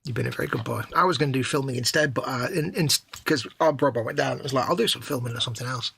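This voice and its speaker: A man's voice: mid-range voice, very fast, creaky, bright, forceful tone, breathy edge, dry recording. A man co-hosting a casual chat, with easygoing and teasing banter. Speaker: co-host.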